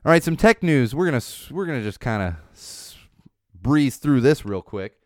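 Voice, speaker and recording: A man in his thirties hosting a casual solo podcast, telling stories and ranting with animated ups and downs and muttered asides. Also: mid-range voice, normal speed, no echo, clean studio sound. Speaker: podcast host.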